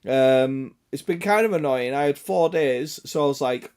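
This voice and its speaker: A man with a hoarse, raspy throat from illness, chatting casually and greeting viewers on a game stream, joking and swearing. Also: medium pitch, normal speed, few pauses, a little mellow. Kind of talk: casual live-stream chat.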